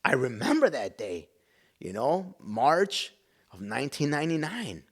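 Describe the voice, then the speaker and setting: A man from Chicago, a pastor and business owner, telling a personal story on a podcast with animated delivery, hushed whispered asides, and frequent "man". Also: medium pitch, unhurried, husky. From Chicago, USA.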